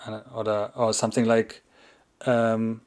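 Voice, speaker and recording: Man, German accent, casual livestream chat, relaxed, chuckles, restarts sentences a lot. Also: on the low side, measured pace. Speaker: livestream host answering chat questions.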